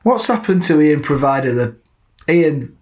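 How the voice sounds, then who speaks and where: A man's voice: on the high side, animated, measured pace, darkish tone. Joking man co-hosting football chat. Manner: joking, laughs often. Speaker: podcast co-host. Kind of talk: casual football podcast chat.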